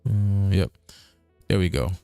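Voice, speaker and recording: A man's voice: low-pitched, takes it slowly, creaky, warm tone, smooth, dry recording, faint music behind. A man hosting a casual livestream, talking in a rambling, repetitive way with chuckling asides. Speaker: streaming show host.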